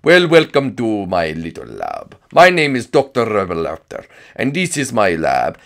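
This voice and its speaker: A man playing a fussy, bumbling male scientist in a comedic game role-play, speaking slowly and formally with stumbles. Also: fairly low pitch, huge pitch swings, creaky, full character voice. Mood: mock-formal.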